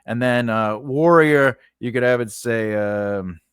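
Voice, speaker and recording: A man with a smooth, fairly bright, mid-range voice speaks slowly as he casually explains how to build grammar for constructed languages. As a writing teacher, he meanders, revises himself, and frequently adds "right?". It's an echo-free studio recording.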